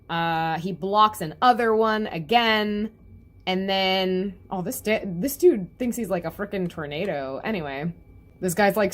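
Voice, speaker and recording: A woman's voice: medium pitch, a bit bright. A young woman chatting through a comic chapter review, laughing often and slipping into the characters' voices. Her talk is loose and rambling, full of fillers. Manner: giggly, chatty, acts out characters' lines. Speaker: webcomic reviewer.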